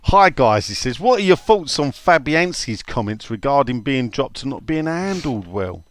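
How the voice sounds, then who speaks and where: A man's voice: mid-range voice, sing-song, moderate pace. A man co-hosting a casual football podcast, reading listener questions and drifting into laughing anecdotes. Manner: rambling, laughing storyteller.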